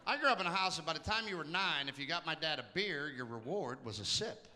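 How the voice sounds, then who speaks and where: Man doing stand-up, high lively voice, roomy club, loud crowd noise. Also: fast. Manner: animated storytelling with voices. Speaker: stand-up comic. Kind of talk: stand-up routine.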